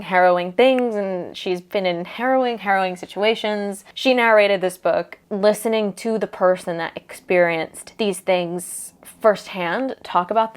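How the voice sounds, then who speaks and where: A young woman chatting casually to camera about books, with lots of filler words. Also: medium pitch. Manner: chatty, filler-heavy, many "like"s. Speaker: book vlogger.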